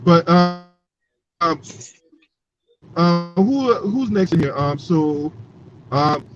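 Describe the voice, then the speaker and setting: A man's voice: on the high side, lively intonation, drawn-out words, faint music behind. A man hosting a casual sports talk panel, emphatic and swearing freely. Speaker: host. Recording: dull lo-fi call audio with faint noise.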